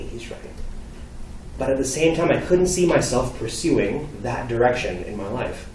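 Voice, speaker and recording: A young man from Canada giving a storytelling talk, acting out dialogue with lively delivery. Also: medium pitch, normal speed, a little hiss or hum. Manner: animated, acts out dialogue. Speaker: speaker. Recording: echoey hall from far off.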